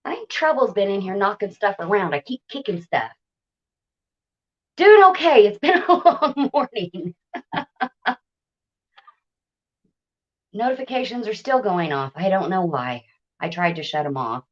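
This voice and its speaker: Speaking from home on a tablet mic, a woman hosts a casual livestream, chatting, laughing often, and greeting viewers by name. Her mid-range voice swings widely in pitch, her pace is measured with frequent pauses, and the highs sound cut off.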